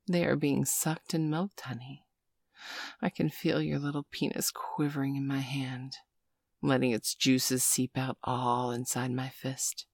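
A woman in whispered role-play, speaking slowly and coaxingly with pet names, close to the mic. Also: a bass voice, steady tone, gravelly, a little mellow, husky, no echo. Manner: slow, coaxing, teasing, full of pet names. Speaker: audio role-play performer.

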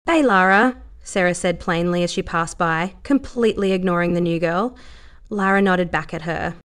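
A woman narrating a story in an even storytelling manner. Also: on the low side, normal speed. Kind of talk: audiobook narration.

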